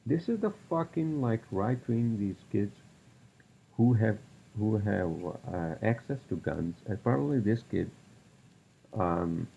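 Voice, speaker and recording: A man's voice: on the low side, takes it slowly, vocal fry, warm tone, muffled recording, slight background noise. A man hosting a solo podcast, rambling through topics with lots of fillers and profane rants. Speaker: podcast host.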